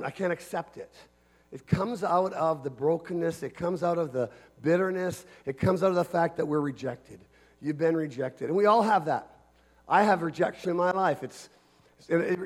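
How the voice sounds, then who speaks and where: Male pastor, fairly high voice, earnest emphatic sermon, repeats key phrases. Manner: earnest, emphatic preaching with repetition.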